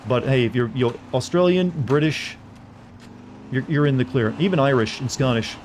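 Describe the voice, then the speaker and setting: A man's voice: mid-range voice, normal speed, darkish tone, slight background noise. A man with a Southern US accent, casually rambling and joking with viewers while playing a game. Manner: rambling, jokey, chatting with viewers. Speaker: streamer. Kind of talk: casual gameplay commentary.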